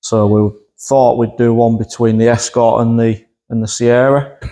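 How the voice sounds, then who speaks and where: A man's voice: medium pitch, steady tone, normal speed, warm tone. A man, a workshop mechanic co-presenting a car vlog with dry teasing one-liners. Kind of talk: casual banter.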